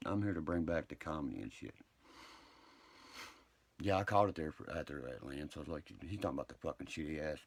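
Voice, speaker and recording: A man with a very deep, gravelly and husky voice, ranting on a livestream. He swears freely, picks fights with his viewers and rambles from one point to the next. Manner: profane, combative, rambling.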